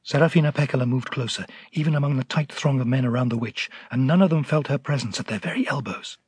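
A male narrator with a very husky, breathy voice reads the story in a measured, dramatic way. His recording is close and dry, with no room sound. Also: mid-range voice, no echo.

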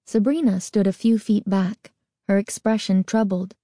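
A woman narrating a children's horror novel in a measured, deliberate reading. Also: mid-range voice, fairly even intonation, mellow, no room sound, clean studio sound. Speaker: audiobook narrator. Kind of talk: scripted narration.

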